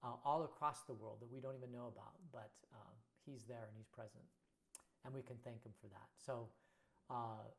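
A man's voice: medium pitch, steady tone, moderate pace, creaky. Man giving a livestreamed Bible teaching. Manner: reads scripture aloud, then comments casually with many fillers. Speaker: pastor. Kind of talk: livestreamed Bible study sermon. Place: indoors near a railway line.

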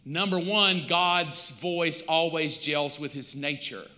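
A man's voice: a little high, slow, bright, forceful tone, big-room sound. A male pastor, preaching in a conversational, storytelling way with touches of humor. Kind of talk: sermon.

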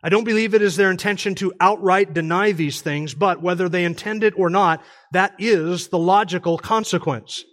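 A man's voice: high-pitched, moderate pace, hardly any pauses, fairly bright tone. A man speaking at a conference in a church, arguing his point emphatically in a sermon. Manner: emphatic, argumentative.

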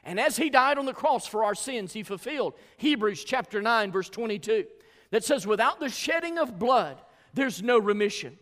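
Southern preacher with soaring, lively pitch. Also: male voice, normal speed, big-room sound. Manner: rhythmic preaching that swells to loud, high-pitched climaxes. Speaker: pastor. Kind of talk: sermon.

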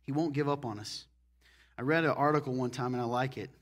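A man preaching a sermon as pastor, animated, moving between loud emphatic lines and hushed, intense ones. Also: mid-range voice, brisk.

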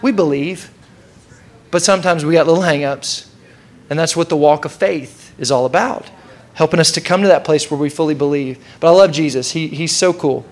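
High-voiced man preaching with energy. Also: brisk. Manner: casual, energetic preaching with repetition and audience call-outs. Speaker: pastor. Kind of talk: sermon.

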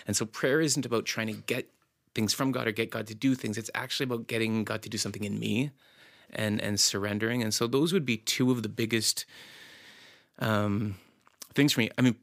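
A man on church staff talking about his prayer life in a relaxed, reflective podcast conversation. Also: on the low side, no room sound, studio quality.

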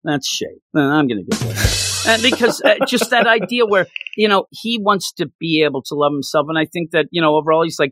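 A man chatting casually as a podcast host, reviewing a comic book with excited, gushing enthusiasm and lots of stumbling restarts. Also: fairly high pitch, a little fast.

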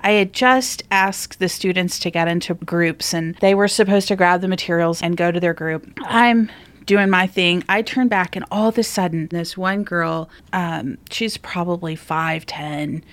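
A woman hosting a podcast, a former teacher who tells lively anecdotes with casual fillers. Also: lowish voice, measured pace. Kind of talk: conversational podcast storytelling.

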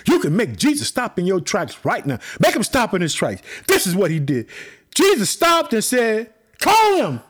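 A fired-up man preaching a sermon. His voice sits very high and swings wildly up and down, breaking into shouts as he repeats his catchphrases. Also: huge pitch swings, moderate pace. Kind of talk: fiery sermon.

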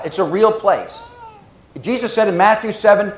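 Fervent preacher with a lively high voice. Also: male voice, fairly quick, echoey room, rough recording. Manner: emotional, dramatic storytelling with swings from hushed to loud. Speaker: pastor. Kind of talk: sermon.

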